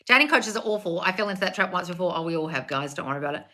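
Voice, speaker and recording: A woman coaching on a livestream, her voice bright and forward. She answers viewer comments bluntly, swears freely and calls everyone darling. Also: lowish voice, expressive, racing. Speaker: self-help coach.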